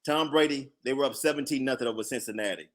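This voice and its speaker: Man, podcast co-host, sports recap, bright voice, middle pitch. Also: fast talker. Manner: talks through sports recaps, reads out articles. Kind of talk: casual chat.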